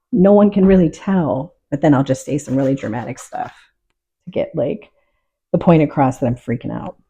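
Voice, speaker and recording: Calm, husky middle-aged woman. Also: deep voice, normal speed. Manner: calm, reflective, openly emotional. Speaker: painter. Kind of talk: casual talk while painting.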